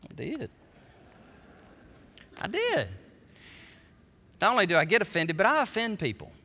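A man pastor preaching a sermon, telling animated stories with stammering restarts. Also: high voice, measured pace. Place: church sanctuary. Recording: long hall reverb.

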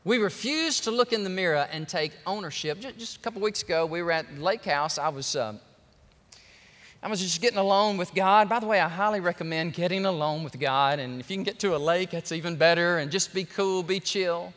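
Man, pastor, lively sermon, bright ringing voice, long church reverb. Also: sits high, a little fast. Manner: animated, joking, talks straight to the congregation. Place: large church sanctuary.

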